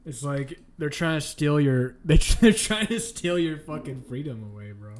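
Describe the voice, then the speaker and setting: A man's voice: a little high, big pitch swings, moderate pace, a little mellow, a little hiss or hum. A man streaming and chatting casually, crude and joking, laughing often as he rambles.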